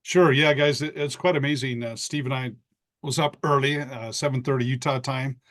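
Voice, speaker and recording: A man's voice: medium pitch, steady tone, moderate pace, a bit bright. Brief: male co-host, eager casual chat, restates the points, video-call sound. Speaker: team leader and co-presenter.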